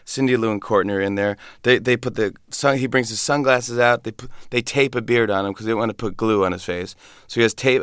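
A middle-aged man telling an animated story as an interview guest, acting out the people he quotes. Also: medium pitch, no room sound, studio quality. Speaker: talk show host interviewed as guest.

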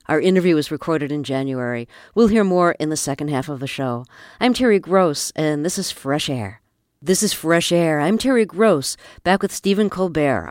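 A woman's voice: low-pitched, darkish tone, dry recording, studio quality. A woman hosting a radio interview program, asking curious questions and laughing readily.

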